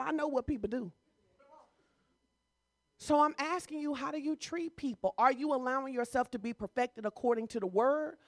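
A woman pastor preaches in a loose, conversational style, teasing her congregation. Her voice sits fairly high. The sound is close and dry. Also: a bit bright, no echo. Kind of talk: sermon.

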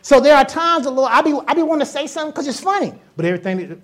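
A woman's voice: high voice, big pitch swings, rapid-fire, hardly any pauses. A woman preaching a sermon in a casual, joking way, often acting out voices and sounds and repeating herself for emphasis. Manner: casual colloquial speech with repetitions.

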